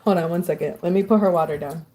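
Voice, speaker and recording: A woman with a lowish, mellow voice talks quickly on a casual home live stream, reading and answering chat and scolding her dog between remarks.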